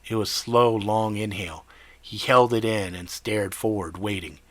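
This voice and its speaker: A man reading a first-person story aloud in a steady, conversational way. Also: fairly low pitch, measured pace, no room sound. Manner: steady, conversational narration with casual swearing.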